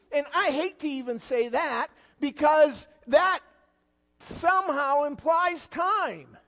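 A man preaching a sermon as a guest pastor, swinging between loud rising questions and quiet, low passages. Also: long reverb tail. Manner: preaching with sudden loud rises and quiet drops.

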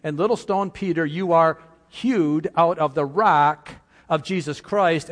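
A man's voice: fairly high pitch, measured pace, in a large hall. A man preaching a sermon as pastor, speaking emphatically and quizzing his congregation with questions.

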